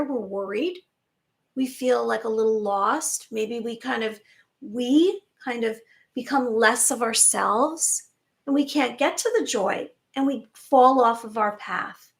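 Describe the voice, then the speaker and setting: This woman, mother of a grown daughter, runs a spiritual channel and addresses viewers in a fairly high, soft voice. She sounds comforting and earnest, asking question after rhetorical question.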